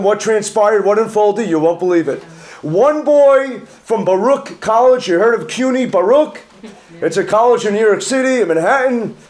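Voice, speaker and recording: Man, rabbi, high voice, emphatic speech to an audience. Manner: emphatic, building excitement. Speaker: rabbi, event speaker.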